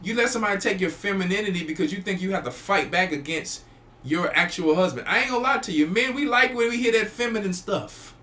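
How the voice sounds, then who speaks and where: A man's voice: sits high, lively intonation, quick pace, sharp tone. A man, a church elder hosting a show, preaching emphatically and repeating phrases. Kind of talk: preaching talk to a live audience.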